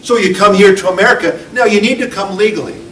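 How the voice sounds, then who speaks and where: A man's voice: high voice, fast talker. Man preaching in an echoey hall. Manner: storytelling, dramatic swings from loud to hushed. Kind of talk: patriotic sermon speech. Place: event hall. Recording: echoey hall, mic from far off.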